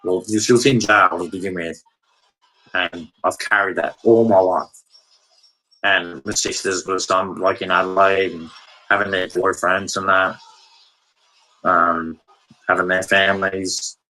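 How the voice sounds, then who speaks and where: A man's voice: deep voice, little pitch movement, a little slow, long pauses, bright, forceful tone, rough recording. A man ranting bluntly and repetitively in a casual vlog monologue. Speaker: vlogger.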